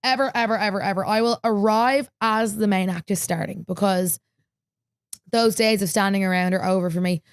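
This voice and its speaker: A woman's voice: medium pitch, steady tone, normal speed, clean tone, no echo. A young woman, hosting a podcast and telling a story in a chatty, filler-heavy way. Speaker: podcast host. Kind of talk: casual chat.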